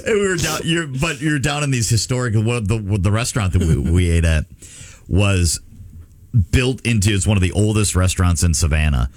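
Male radio co-host, fairly low, dry close mic, rambling storyteller. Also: normal speed, a little mellow, dry recording. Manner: chatty storyteller who laughs at his own points. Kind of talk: casual morning radio banter.

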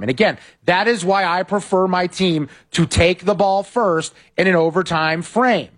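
Opinionated high-voiced sports podcast host. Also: male voice. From West Coast of the United States. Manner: animated, opinionated, critical of coaching. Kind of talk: football recap and betting commentary.

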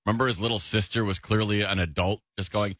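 Deep-voiced chatty man, bright tone. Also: steady tone, no room sound, studio quality. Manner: chatty, quick to reminisce and groan. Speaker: podcast co-host. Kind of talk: casual chat.

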